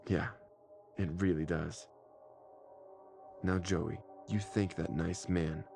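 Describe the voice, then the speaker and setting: Man playing a frazzled tired mother, deep gravelly voice, slow, flustered and grateful, horror story reading. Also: fairly even intonation, darkish tone, faint music behind, full character voice. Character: frantic, tired young mother scolding her son.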